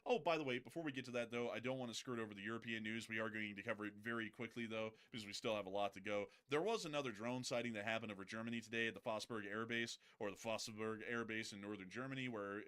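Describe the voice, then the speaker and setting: A man hosting casual live news commentary, mixing joking asides and quick self-corrections into the updates. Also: fairly low pitch, a bit bright, clean tone.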